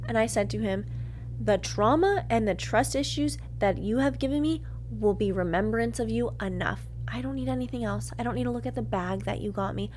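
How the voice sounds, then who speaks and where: A woman podcast host telling a candid personal story, swearing freely and swinging from quiet murmurs to loud outbursts as she acts out her own reactions. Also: a little high, brisk, slight background noise.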